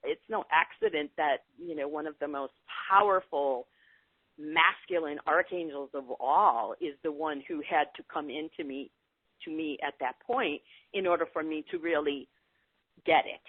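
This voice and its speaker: Lady on a thin phone-like line, low voice, super animated, earnest, dry sound. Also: no echo. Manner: animated, earnest storytelling with lively pitch swings. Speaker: spiritual guide guest. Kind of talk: casual interview chat. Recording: tinny phone-like call audio, dry.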